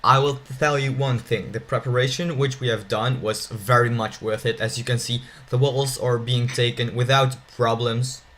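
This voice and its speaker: A man's voice: medium pitch, steady tone, normal speed, few pauses, fairly bright tone. A young man co-commentating a strategy game with the hiccups, asking playful teasing questions. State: has the hiccups. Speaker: gameplay co-commentator. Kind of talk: casual joking game commentary.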